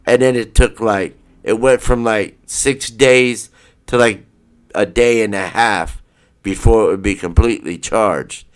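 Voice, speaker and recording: Slow, heated man ranting profanely. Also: lowish voice. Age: adult parent. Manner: rambling with restarts. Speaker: livestream host. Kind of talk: ranting live stream chat.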